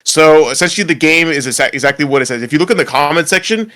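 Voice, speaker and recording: A man's voice: fairly high pitch, quick pace, bright, forceful tone. A man co-hosting a podcast, chatting casually and rambling with frequent laughs and restarts. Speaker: podcast co-host. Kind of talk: casual chat.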